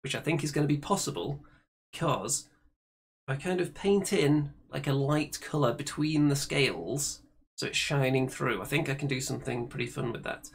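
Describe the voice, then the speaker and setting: A man's voice: mid-range voice, moderate pace, gravelly, husky. A man hosting a casual hobby chat show, presenting the segments in a chatty way. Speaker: host.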